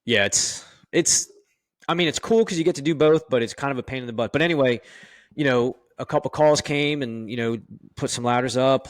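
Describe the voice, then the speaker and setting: A man's voice: mid-range voice, dry recording, clean studio sound. A man who is a fire officer, being interviewed and telling candid, profane stories full of "you know" and acted-out dialogue. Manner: acts out quoted dialogue in his stories. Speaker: firefighter officer guest. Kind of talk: casual interview storytelling.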